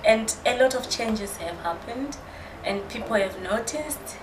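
A woman's voice: on the high side, animated, a little slow. A woman guest earnestly telling her story in casual conversation. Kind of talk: casual chat. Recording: roomy with background noise.

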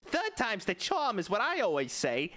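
A man's voice: sits high, wildly swooping pitch, moderate pace, sharp tone. A man streaming a video game with casual, joking commentary and frequent swearing.

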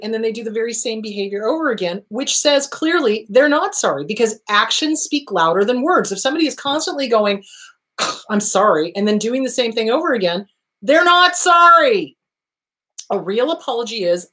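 A woman's voice: a little high, lively intonation, normal speed, a bit bright. A woman therapist hosting her own show, answering viewer questions in a casual monologue, stressing points by repeating them. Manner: emphatic, repeats key phrases for stress.

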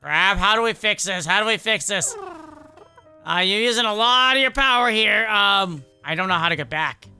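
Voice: mid-range voice, expressive, moderate pace, bright, forceful tone, soft background music. A performer voicing an exasperated male animatronic fox scolding his cat-form fiancee in a fan game role-play, exclaiming and pleading.

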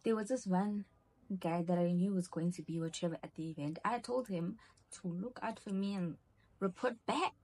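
Husky-voiced woman storyteller. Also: lowish voice, normal speed. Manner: animated storyteller acting out quoted dialogue. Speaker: vlogger. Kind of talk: storytime vlog.

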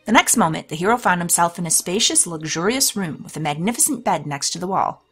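A woman's voice: fairly low pitch, expressive, fast talker, fairly bright tone, breathy edge, faint music behind. A woman hosting a let's play, reading a storybook game aloud with chatty, laughing asides. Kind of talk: let's play narration and commentary.

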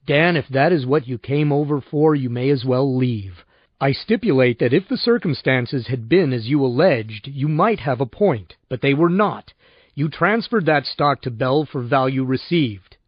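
A man reading an audiobook and voicing a cool, calculating lawyer who speaks in a measured, lawyerly way, on a dull lo-fi recording. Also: mid-range voice, animated, no echo, lightly acted. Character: cool, calculating male lawyer, practical and controlled.

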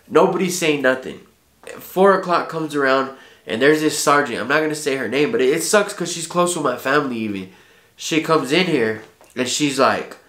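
Male vlogger, casual heartfelt storytelling, street slang and profanity, mid-pitched, roomy echo. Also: a little fast, a bit bright. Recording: echoey room.

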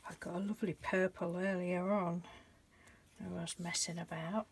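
A woman's voice: fairly low pitch, level tone, moderate pace, noisy background. A woman hosting a casual painting tutorial, chatting and thinking aloud as she works and gushing over the colours. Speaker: craft channel host.

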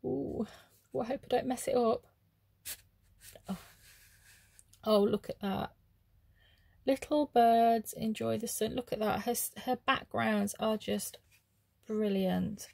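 A woman chatting casually as she opens craft mail, gushing with soft oohs and ums. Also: on the high side, steady tone, slow, gravelly, pauses often, no echo. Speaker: craft vlogger. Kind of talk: casual unboxing chat.

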